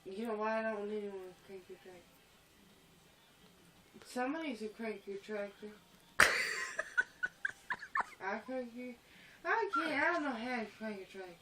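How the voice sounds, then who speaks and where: A woman's voice: mid-range voice, moderate pace, pauses often, very noisy. A tired young woman rambling drowsily in a casual home phone video, breaking into giddy laughing fits.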